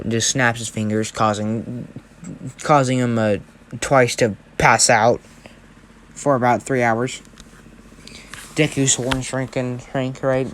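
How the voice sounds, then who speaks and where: A man's voice: medium pitch, little pitch movement, slow pace, pauses often, fairly bright tone, slight background noise. A young man telling a story casually, rambling and often checking in with right?. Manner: rambling, keeps asking right?.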